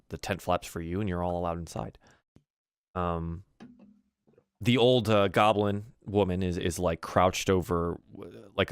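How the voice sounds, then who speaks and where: A deep-voiced man narrates a tabletop fantasy game as its game master. He rambles with fillers and restarts. The sound is dry and close. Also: creaky, a bit bright, no room sound.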